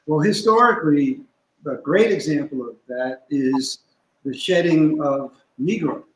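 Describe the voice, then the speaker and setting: Slow, deliberate man in an echoey room. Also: a little high. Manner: deliberate, instructive, spells out terms. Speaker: guest scholar. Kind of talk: teaching in a conversation.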